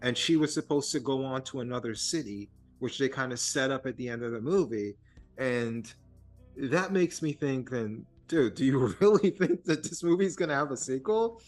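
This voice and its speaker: A man's voice: medium pitch, animated, normal speed, a little mellow. A man talking casually and animatedly about a film, swearing and mocking its scenes, with faint music underneath. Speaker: podcast co-host.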